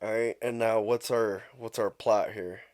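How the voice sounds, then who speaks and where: A young man co-hosting a casual podcast, playful and quick with short quips. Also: on the low side, steady tone, darkish tone, no echo, clean studio sound. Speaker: podcast co-host.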